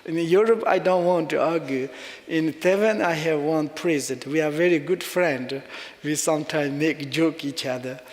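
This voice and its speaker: A male Buddhist teacher delivers a dharma talk in halting, non-native English, pausing often and chuckling at his own jokes. His voice sits a touch higher than most men's. Every word rings out in a hall with a long echo.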